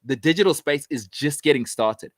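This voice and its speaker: Emphatic man with a slightly high voice. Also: normal speed, no echo. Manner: emphatic and animated, pitch jumping up when making a point; frequent restarts and rhetorical questions. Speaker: show host giving opinions. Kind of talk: opinionated casual monologue.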